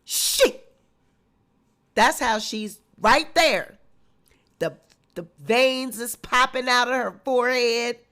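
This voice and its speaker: Woman, gossip commentary vlogger, emphatic and mocking, high bright voice. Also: slow.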